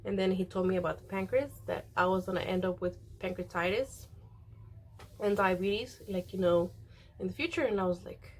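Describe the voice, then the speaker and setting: A woman's voice: medium pitch, fairly even intonation, moderate pace, breathy edge. A young woman vlogger talking casually as she does her makeup, rambling with lots of fillers and retelling what others said. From Mexican. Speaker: beauty vlogger. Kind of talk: casual chat while doing makeup.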